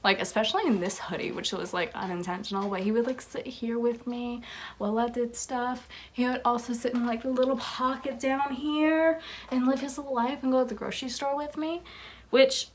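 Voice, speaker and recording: A woman's voice: fairly high pitch, fairly even intonation, a little fast, slight background noise. A young woman rambling casually in her bedroom, showing off her fan merchandise, with lots of "like" and giggles. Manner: rambling, giggly, says "like" a lot. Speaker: vlogger. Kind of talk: casual show-and-tell vlog.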